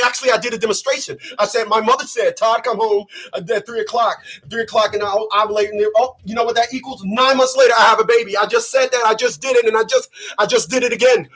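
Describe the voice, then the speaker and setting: High husky man in a profane rant. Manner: profane, emphatic, often shouting. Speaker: channel host. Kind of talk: ranting commentary.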